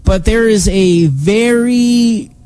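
A man hosting a morning radio show, chatting casually in an animated, rambling, joking way on a studio microphone. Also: high voice, slow, no echo.

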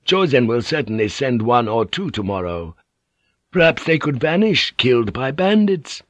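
A man's voice: mid-range voice, very animated, moderate pace, dry recording, pitched above the performer's own voice, lightly acted. A man reading an anxious samurai adviser. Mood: worried. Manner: heated, anxious. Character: worried, cautious samurai adviser, adult man. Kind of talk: audiobook character reading.

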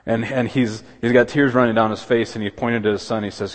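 A man preaching a sermon as pastor, earnest, with quick asides and objections voiced in a higher pitch. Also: steady tone. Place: church sanctuary. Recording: long hall reverb.

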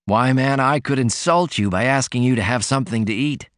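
A man's voice: mid-range voice, a little fast, a bit bright, no room sound, studio quality, pitched above the performer's own voice, natural voice. A man voicing a sickly, sardonic man with a mocking, cutting way of talking.

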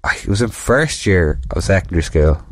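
A man's voice: deep voice, animated, a little fast, no room sound, studio quality. Irish man, rambling sweary storyteller. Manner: rambling, swears freely, laughs through his story. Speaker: podcast host. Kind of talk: casual storytelling chat.

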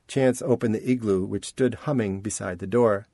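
In a clean studio recording with no room sound, a man with a lowish voice narrates an audiobook. His scripted storytelling is measured and expressive.

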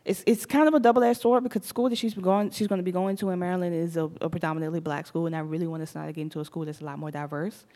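A young woman with a Southern US accent and a slight lisp, chatting casually as a podcast host, animated and laughing often. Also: on the low side, racing, few pauses. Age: young adult.

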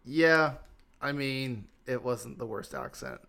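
A man hosting a casual movie discussion podcast, animated and hedging, reading a listener's comment and steering the talk. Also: medium pitch, takes it slowly, gravelly. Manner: animated, hedging with lots of "like" and "I don't know". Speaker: podcast host.

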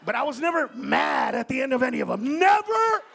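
Man comic, very high voice, loud and foul-mouthed on a club stage, slips into Spanish slang. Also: fast talker, vocal fry, breathy edge, a faint crowd. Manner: profane, shouting, mixes in Spanish slang. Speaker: stand-up comedian. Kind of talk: live stand-up comedy.

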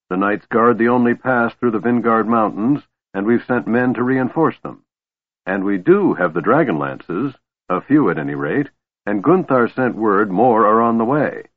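A man voicing a gruff, suspicious old male dwarf who talks sternly and like a grandfather. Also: lowish voice, dry recording. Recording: tinny phone-like line, dry.

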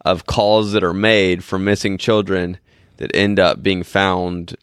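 A man's voice: deep voice, flat delivery, takes it slowly, clean tone, no room sound, clean studio sound. A man co-hosting a podcast, chatting casually and mostly giving short agreeing replies. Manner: brief agreeing backchannels. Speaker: podcast co-host. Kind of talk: casual chat.

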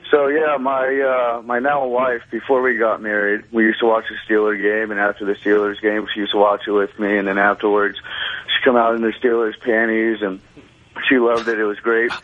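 Male caller, 20s, husky voice, phone line, rambling complainer. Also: fairly low pitch, level tone, moderate pace. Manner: rambling, complaining, laughs often. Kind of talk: phone-in chat. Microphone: telephone. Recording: tinny phone line on radio.

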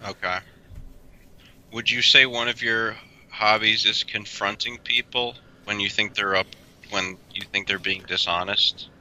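A man with a low but very bright, crisp voice hosts a podcast. He asks probing questions with some hesitant fillers. His delivery is clear and resonant. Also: fairly even intonation, measured pace, rough recording. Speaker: podcast host. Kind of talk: interview questions.

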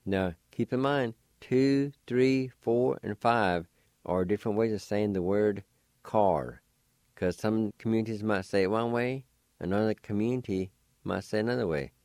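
A man hosting a language lesson, slowly spelling out letters and sounding out syllables for listeners. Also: fairly low pitch, darkish tone, no room sound, studio quality. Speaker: language teacher and show host.

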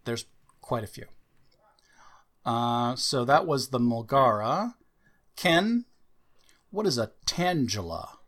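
A man's voice: mid-range voice, expressive, a bit bright. Dry-voiced man hosting a quiz. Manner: dry, spells words out slowly. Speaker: quiz host. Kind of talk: casual podcast banter.

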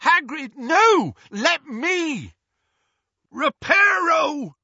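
A man voicing a brave teenage boy wizard under attack in an audiobook, shouting spells urgently. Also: very high-pitched, big pitch swings, drawn-out words, no room sound, dull audio, voice pushed up, exaggerated voice. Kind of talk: audiobook character voice.

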